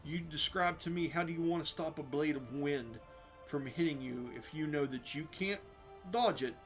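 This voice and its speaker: A man running a tabletop game as game master, narrating the action in a lively, descriptive way and laughing often. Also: on the high side, moderate pace, soft background music.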